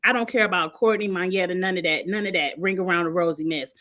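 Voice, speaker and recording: A woman's voice: lowish voice, fast, few pauses. Sassy woman ranting about a show. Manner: animated, sassy, exasperated commentary. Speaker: reality TV reviewer. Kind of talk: casual recap rant.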